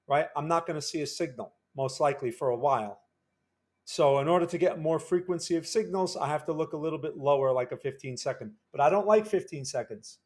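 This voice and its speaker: A man's voice: on the high side, darkish tone. A man casually talking through live futures trading on a stream, chatty and repeating himself, often tagging sentences with "right?". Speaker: day trader and live streamer.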